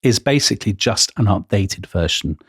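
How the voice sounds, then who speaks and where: On a relaxed history podcast, this English co-host narrates with real enthusiasm and keeps drifting into side remarks. He speaks at a normal speed in a lowish, fairly bright voice with lively intonation and a breathy edge, captured cleanly in a studio with no echo.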